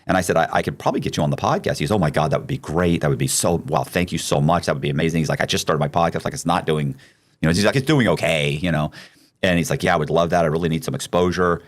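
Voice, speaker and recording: A man hosting a podcast, telling a long story in a loose, profane, animated way with many restarts. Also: very deep voice, fast. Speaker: podcast host. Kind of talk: casual storytelling.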